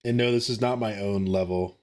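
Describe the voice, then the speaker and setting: A man's voice: fairly low pitch, steady tone, a little fast, a little mellow. A young man streaming a game and defensively joking back at his chat. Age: young adult. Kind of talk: casual live-stream chat.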